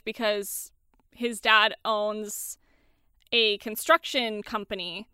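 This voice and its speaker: Young woman gabbing about a movie, bright clear voice, dry close mic, swears a lot. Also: fairly high pitch, slow, no room sound. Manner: chatty, animated, swears casually, acts out quotes. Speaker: podcast co-host. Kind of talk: casual chat recapping a movie.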